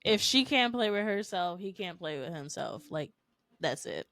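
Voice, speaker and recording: A woman's voice: on the low side, expressive, moderate pace, fairly bright tone, dry recording, studio quality. A woman co-hosting a podcast, chiming in with short, laid-back reactions in casual chat. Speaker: podcast co-host.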